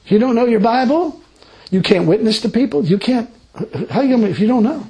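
Folksy preacher man, high voice. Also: a little fast, low-quality recording. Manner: folksy, rambling, animated storytelling with laughs. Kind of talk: informal sermon with personal stories.

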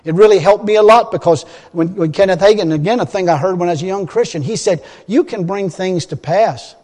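A man's voice: high-pitched, a little mellow, long reverb tail. A man preaching a sermon in an emphatic, folksy way, often restarting his phrases.

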